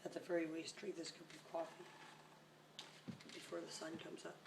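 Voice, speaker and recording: A woman's voice: deep voice, flat delivery, normal speed, vocal fry. A woman vlogging casually at home in the early morning, out of breath and rambling in a chatty, self-deprecating way. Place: house at night. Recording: roomy echo, distant mic, loud noise.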